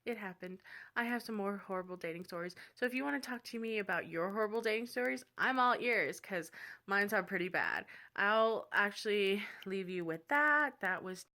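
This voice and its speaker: A woman's voice: medium pitch, lively intonation, moderate pace, bright, forceful tone. A young woman vlogging, telling dating stories in a chatty, dramatic, candid way. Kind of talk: casual storytelling vlog.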